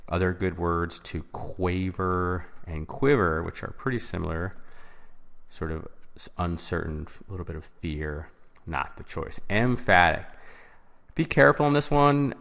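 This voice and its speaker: A man's voice: low voice, a little slow, gravelly, fairly bright tone. A man teaching a test-prep vocabulary lesson as a voice-over, explaining step by step and stressing key words.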